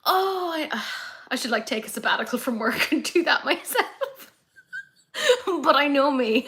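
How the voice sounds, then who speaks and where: A young woman hosting a casual makeup livestream, chatty and excitable as she reads comments. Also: a little high. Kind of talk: casual live chat reading comments.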